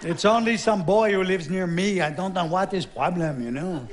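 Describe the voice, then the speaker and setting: A man's voice: high-pitched, normal speed, crowd noise, natural voice. A man voicing France as a sultry, aloof woman who teases and brushes off her suitor. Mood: dismissive. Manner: coy, dismissive, languid.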